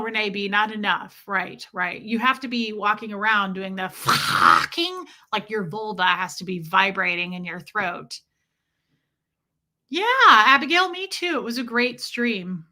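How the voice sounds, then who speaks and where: A woman hosting a livestream, reading viewer comments and mimicking people in animated put-on voices. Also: mid-range voice. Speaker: livestream host.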